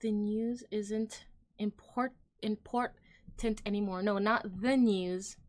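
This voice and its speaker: A woman's voice: medium pitch, steady tone, slow pace. A woman hosting a casual opinion livestream. She rambles with lots of "like" and "um," talks straight to her viewers, and lets her thoughts trail off. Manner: rambling, heavy use of "like" and "um", trailing off; chatty, addresses viewers directly. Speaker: livestream host.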